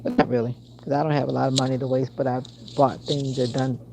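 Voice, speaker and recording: Woman, low gravelly voice, casual livestream chat, replies to viewer comments, noisy background. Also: flat delivery, fast. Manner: chatty, answers viewer comments aloud. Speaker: livestream host.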